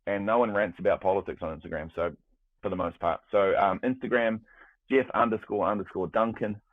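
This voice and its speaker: Deep-voiced New man on a tinny line. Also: a little fast, dry recording. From New Zealand. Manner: animated, rambling with restarts, swears freely. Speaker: guest, music producer. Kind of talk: casual chat. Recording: dry, tinny phone-like sound.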